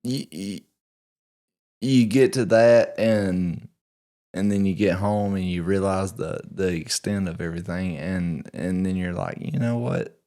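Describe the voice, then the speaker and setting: A man with a notably deep voice chats casually on a podcast. He tells long, rambling stories about fatherhood and often trips over his words and restarts. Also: measured pace, dark tone. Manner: rambling, stammering storyteller. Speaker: podcast co-host. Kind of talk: casual chat.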